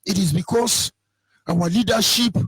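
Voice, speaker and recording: A man with a Nigerian English accent, giving an impassioned political radio monologue, chanting lines over and over and swinging between shouting and mock whispers. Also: high voice, a little slow, husky, no room sound. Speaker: radio presenter.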